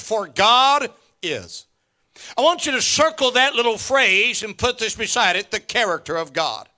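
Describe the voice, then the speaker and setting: Fifty-something pastor preaching hard, super bright sharp voice, repeats lines, shouts now and then. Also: male voice, high voice. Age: 50s. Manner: emphatic preaching with repetition and sudden shouts; joking asides to the congregation. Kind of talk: sermon.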